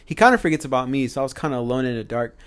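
A man's voice: mid-range voice, racing. A young man and podcast guest telling a story in casual chat, acting out the people in it. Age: young adult. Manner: animated, acts out the people in his stories.

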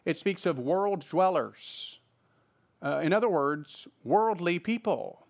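A man's voice: sits high, animated, takes it slowly. A male pastor preaching a sermon, reading scripture aloud and explaining it, repeating phrases for emphasis.

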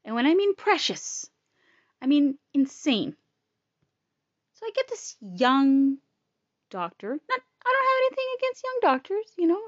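A woman's voice: high voice, sing-song, measured pace, pauses often, dry recording, muffled recording. A woman telling a personal story in a casual, blunt, profane and emotional way.

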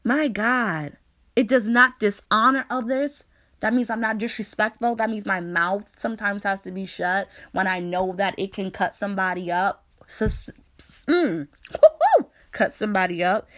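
Woman talking about faith, mid pitched, real chatty and candid, jokes around, then slows way down reading verses. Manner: candid, animated, conversational, with playful asides; reads scripture slowly and deliberately. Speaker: speaker sharing a faith testimony. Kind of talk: personal devotional talk.

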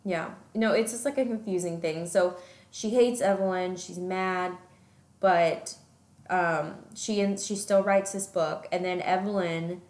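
A woman's voice: lowish voice, fairly even intonation, measured pace, darkish tone. A woman co-hosting a podcast, chatting casually about a book, chiming in with agreement and short corrections. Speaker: podcast co-host. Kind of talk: casual book-club chat. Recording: echoey room.

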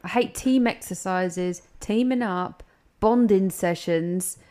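A woman's voice: lowish voice, takes it slowly, mellow. Blunt, dry woman on a podcast. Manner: blunt, sweary, dry agreement. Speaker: podcast co-host. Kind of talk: casual chat.

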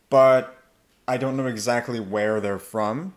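A man who coaches people on their accents speaks at an ordinary middle pitch. He talks in a lively, casual interview manner and often breaks into the voices of the people he quotes. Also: a little slow. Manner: animated, acts out quoted voices.

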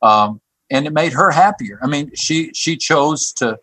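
A man who works on a church staff tells a personal story as a guest. He talks haltingly, repeating words and restarting his sentences. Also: a little high, lively intonation, a bit bright, no room sound. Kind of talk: telling a personal story on a podcast.

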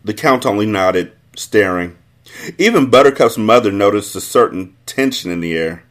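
A man hosting a book podcast, reading a novel aloud with expressive, animated storytelling. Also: lowish voice, normal speed.

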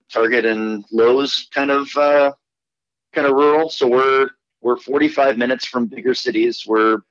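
A man from Iowa, a pastor, talking casually in a podcast interview with a relaxed, rambling manner and many fillers. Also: lowish voice, no room sound. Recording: dull, lo-fi remote audio.

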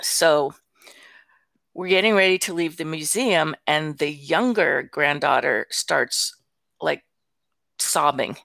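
A woman's voice: sits low, slow, vocal fry, long pauses, a bit bright, dry recording. An older woman, a grandmother and guest, telling a story in casual conversation, acting out quotes with frequent restarts and light laughs.

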